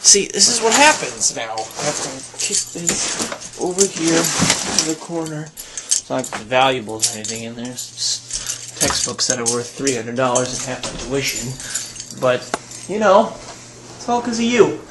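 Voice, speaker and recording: A young man talking casually to his handheld camera in a daily vlog, chatty and excitable, breaking into squeals. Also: mid-range voice, normal speed, background noise. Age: young adult. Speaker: vlogger. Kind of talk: casual daily video blog. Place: at home, in a car and outdoors on campus.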